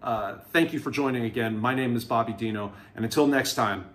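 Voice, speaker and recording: A man's voice: mid-range voice, brisk. A man telling his own prison stories to camera in a casual, candid way, acting out the people he quotes. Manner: candid, animated retelling with quoted voices.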